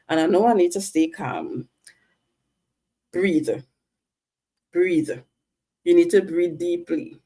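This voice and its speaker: Slow, earnest low-voiced woman vlogger. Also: darkish tone. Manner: slow, earnest, coaching viewers directly; asks "all right?" and "right?" to check in. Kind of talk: personal talk to camera.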